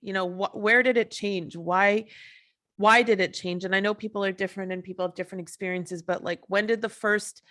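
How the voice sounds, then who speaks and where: An impassioned woman hosting her own show talks alone at length. She swears often, trips over her words, and keeps circling back to heartfelt rhetorical questions. Her voice sits at a middle pitch for a woman. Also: steady tone, fairly quick, a bit bright. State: emotional. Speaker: podcast host. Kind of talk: emotional solo monologue.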